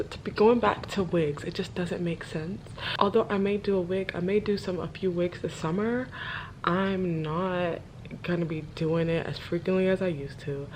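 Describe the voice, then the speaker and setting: A young woman talking casually to camera as a beauty vlogger, chatty and excitable, calling her viewers y'all. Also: on the low side, slight background noise. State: out of breath. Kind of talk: casual vlog talk to camera. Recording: echoey room with music behind.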